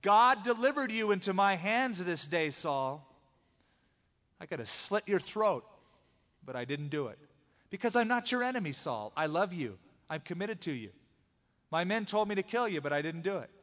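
A preacher acting out an earnest young warrior pleading. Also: male voice, sits high, big pitch swings, moderate pace, a bit bright, voice pushed up. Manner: earnest, impassioned plea. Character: young man, humble warrior pleading with a king. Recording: long hall reverb.

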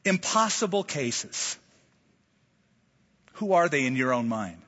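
A man's voice: medium pitch, animated, normal speed, a bit bright. A man preaching a sermon from America, telling stories with animation and acting out quoted voices. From United States. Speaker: pastor. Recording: dull, reverberant hall sound.

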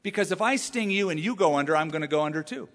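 Sly, scheming fable scorpion, a male preacher doing the voice. Persuasive and smooth, slightly high, echoing in a hall. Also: lively intonation, fast, fairly bright tone. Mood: coaxing. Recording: echoey hall reverb.

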